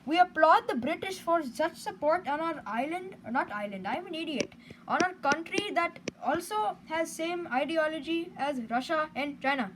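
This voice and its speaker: High-pitched female player, jokey, role-plays nations; faint noise. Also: lively intonation, moderate pace. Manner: jokey, puts on an Australian slang voice. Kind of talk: joking in-character game chat. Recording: light background noise.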